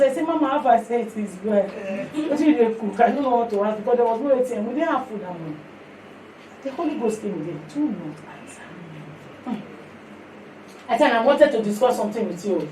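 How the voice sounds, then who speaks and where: A woman preaching, telling a testimony in animated storytelling that slips into pidgin, then leading prayer. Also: on the high side, brisk, a little hiss or hum. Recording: echoey hall from far off.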